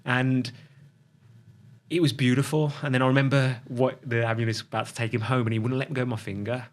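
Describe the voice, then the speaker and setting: A middle-aged man telling a personal story as a podcast guest, reflective and halting, often restarting his sentences. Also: mid-range voice, little pitch movement.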